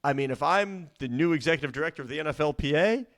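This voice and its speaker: A man co-hosting a sports business podcast, talking in an animated, emphatic way and repeating words for stress. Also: fairly high pitch, fast. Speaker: podcast co-host. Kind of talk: casual sports business chat.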